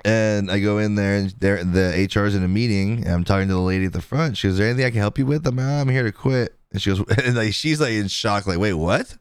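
A man's voice: on the low side, fast, hardly any pauses, clean tone, no room sound, clean studio sound. A man in his thirties, a podcast co-host, telling a long personal story in casual chat and laughing often as he goes. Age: 30s.

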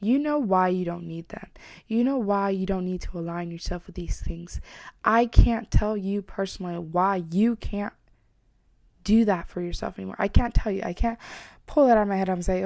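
An earnest woman talking through a motivational self-help monologue, reflective and open about herself. Her voice sits at an ordinary middle pitch. The sound is dry and close, with no room echo, and she leans on repeated phrases to press each point home. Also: moderate pace, vocal fry, darkish tone. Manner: earnest, reflective, openly personal.

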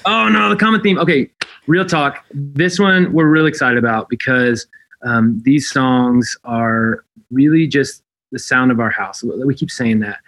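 Earnest, animated male worship leader. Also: mid-range voice, unhurried. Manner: earnest, animated, repeats phrases. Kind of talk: casual interview chat.

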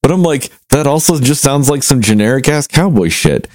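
A man's voice: mid-range voice, expressive, moderate pace, a little mellow, no echo. A man hosting a casual chat, blunt and teasing, with frequent cursing. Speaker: podcast host.

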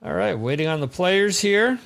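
A man's voice: high voice, sing-song, normal speed, creaky, fairly bright tone. A man hosting a live-streamed trivia quiz, reading questions and scores with chatty, rambling asides.

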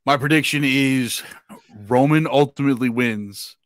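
A man's voice: medium pitch, normal speed, fairly bright tone, dry recording. A man hosting a casual podcast over a video call, laughing often and putting questions to his guests. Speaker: podcast host. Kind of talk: casual chat.

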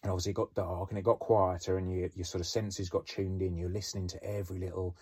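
A middle-aged British former police officer recounting a case in a rambling, conversational way with many fillers. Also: male voice, low-pitched, level tone, fast talker, darkish tone, breathy edge. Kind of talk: storytelling podcast.

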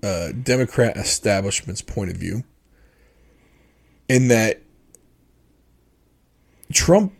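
A man's voice: fairly low pitch, expressive, slow pace, creaky, pauses often. A man co-hosting a casual podcast chat, explaining things in an opinionated way with frequent fillers and restarts. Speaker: podcast co-host.

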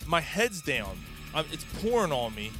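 A man hosting a podcast, telling a story in a casual, animated way and swearing often. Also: fairly high pitch, normal speed, over music. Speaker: podcast host.

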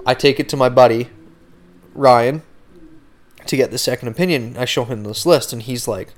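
A young man hosting a podcast, telling a story in a casual, animated way with frequent swearing and lots of "like" fillers. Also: medium pitch, normal speed. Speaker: podcast host.

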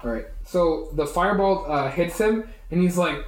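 A man's voice: fairly high pitch, unhurried, few pauses, a little mellow. Easygoing man running a tabletop game. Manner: loose, filler-heavy narration. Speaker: game master. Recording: echoey room, faint noise.

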